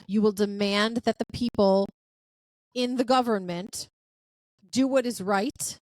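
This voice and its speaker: A woman hosts a podcast and tells a story in casual chat. She is animated and expressive and acts out each line of dialogue. Her voice is recorded dry, with no room sound. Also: medium pitch, no echo. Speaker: podcast host.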